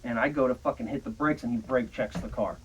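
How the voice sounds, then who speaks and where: A young man casually telling a long, profane story in a rambling, animated way. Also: mid-range voice, quick pace, highs cut off, a little hiss or hum. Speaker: storyteller guest.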